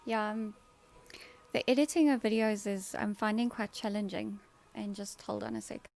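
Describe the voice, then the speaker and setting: A woman's voice: mid-range voice, fairly even intonation, normal speed, darkish tone. A South African woman chatting casually on a live stream from home, answering viewers by name with dry sarcasm. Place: at home, kids' TV in another room.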